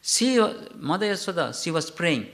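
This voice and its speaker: Man, scripture class, storytelling, higher-pitched voice, halting, self-correcting, questions to listeners. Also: big pitch swings, fairly bright tone. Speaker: lecturer.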